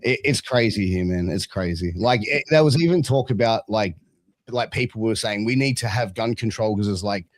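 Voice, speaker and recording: A man's voice: on the low side, normal speed, no room sound. Blunt Australian man, dry sound. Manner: blunt, animated, frequent restarts and swearing. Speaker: podcast guest, wrestling manager. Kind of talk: casual chat.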